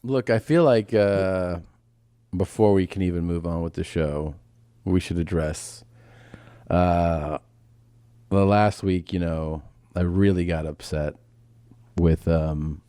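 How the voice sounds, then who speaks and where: A middle-aged man talks hesitantly on a podcast, stopping often on fillers. His voice is very low and unhurried. It has a dark, mellow tone and a dry sound. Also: clear, resonant tone, dry recording. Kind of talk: casual podcast talk.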